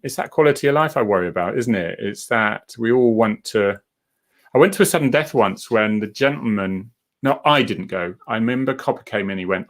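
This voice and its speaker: Middle-aged male host, gravelly and low-pitched, chatty and rambling, acts out quotes. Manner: rambling and chatty, reading out viewer comments. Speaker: live chat host. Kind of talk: casual live-stream chat.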